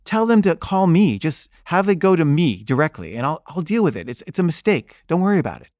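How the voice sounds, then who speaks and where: A man's voice: fairly high pitch, sing-song, fairly quick, a little mellow, no room sound, clean studio sound, voice pushed up. A man putting on the voice of his dismissive, scheming father, who insists everything is fine. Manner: brushing off, insistent.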